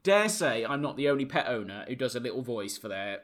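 A man co-hosting a casual chat podcast, his voice bright and sharp. His pitch jumps all over as he tells stories. He laughs easily and slips into silly voices. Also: brisk. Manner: animated, laughs often, puts on silly voices for his dog. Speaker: podcast co-host.

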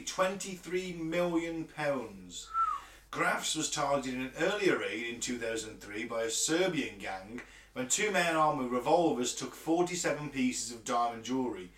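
A man's voice: fairly high pitch, expressive, moderate pace, fairly bright tone, a little hiss or hum. A man co-hosting a podcast, wry and laid-back, reading out facts between banter. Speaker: podcast co-host. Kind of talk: casual chat. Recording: distant mic in an echoey room.

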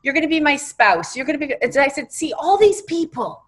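A woman reverend appears as a guest on an interview show, leading a spiritual guided exercise through emphatic, animated storytelling. Her voice sits high and she speaks briskly.

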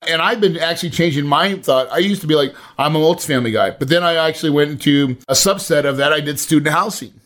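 Brief: male interview host, slightly high voice, casual and emphatic, leans on slang. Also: fast talker, few pauses, fairly bright tone. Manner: loose, slangy, emphatic talk with many "right?" asides. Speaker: podcast host.

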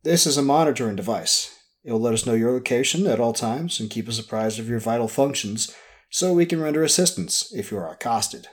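A man's voice: mid-range voice, expressive, fairly quick, natural voice. A man voicing a stern, matter-of-fact male government agent in an audiobook. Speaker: federal agent.

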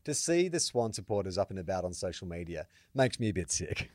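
An Australian man co-hosting a sports podcast in casual chat, telling animated stories and acting out quotes. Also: sits low, a little fast, no room sound, clean studio sound. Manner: animated storyteller, acts out quotes loudly. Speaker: podcast co-host.

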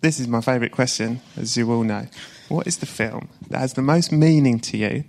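A man's voice: mid-range voice, brisk, gravelly, a little mellow. A man hosting a podcast live on a cinema stage, teasing his guest and putting his questions with mock ceremony. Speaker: podcast host.

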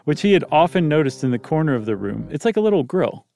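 Reading a ghost story aloud, a man speaks quickly in a high-ish, sing-song voice with vocal fry and a dark tone. His reading is plain, though he breaks off at times for joking remarks in this casual, bantering storytelling.

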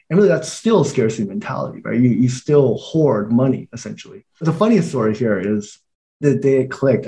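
Thirties man from Taiwan, podcast guest, relaxed chatter with frequent laughs. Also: mid-range voice. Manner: relaxed, laughs often, many "like" fillers. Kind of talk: casual conversation.

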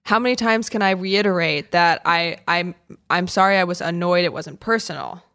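A woman's voice: lowish voice, moderate pace, fairly bright tone, smooth. Joking, self-deprecating woman co-host. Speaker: podcast co-host. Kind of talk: casual chat. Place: remote call.

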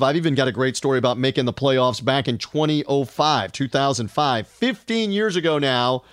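A man's voice: on the high side, no room sound, studio quality. A man hosting a sports podcast, delivering an upbeat, run-on introduction with frequent fillers. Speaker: podcast host.

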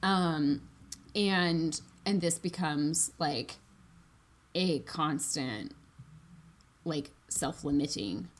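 Woman, casual chat, chatty retelling, slightly low voice, reads aloud. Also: drawn-out words, pauses often. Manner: chatty, fillers of "like", laughing.

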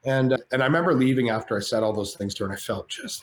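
A man's voice: medium pitch, very fast, slight background noise. Roomy-sounding man telling wild stories. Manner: animated, swears freely, acts out quoted voices. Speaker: podcast guest. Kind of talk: casual storytelling. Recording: roomy echo with faint ambience.

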